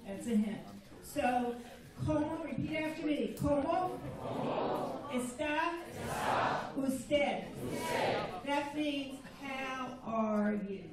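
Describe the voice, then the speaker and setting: Woman, high voice, slow patient teacher, echoey hall, far from mic, crowd of students around. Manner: slow, patient, repeats phrases for students to echo. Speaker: Spanish teacher. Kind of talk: classroom phrase lesson. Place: school room with a crowd of students. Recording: echoey room recorded from afar with crowd.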